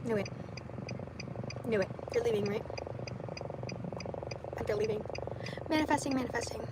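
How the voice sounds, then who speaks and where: A young woman streams live and casually from her car at a moderate pace, her voice a little high. She swears and mutters at other drivers while hunting for parking, with loud car and road noise behind her.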